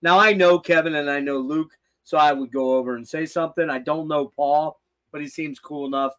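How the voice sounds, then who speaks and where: A man's voice: on the high side, fairly even intonation, a little fast, fairly bright tone. An older man hosting a casual livestream, rambling and swearing with loose laughter. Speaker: host.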